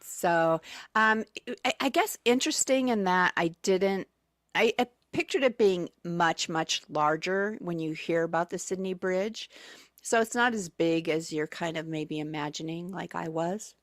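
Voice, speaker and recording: A woman's voice: on the low side, a little slow, no room sound, studio quality. A woman telling travel stories as a guest on a radio show, chatty and full of fillers and restarts. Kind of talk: casual radio chat. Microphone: studio microphone.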